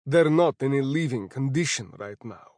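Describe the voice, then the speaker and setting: A man's voice: mid-range voice, expressive, moderate pace, darkish tone, no echo, clean studio sound, close to an everyday voice. A man voicing a laconic, powerful father in an audiobook, speaking in curt, firm phrases. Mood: terse. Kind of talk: audiobook character voice.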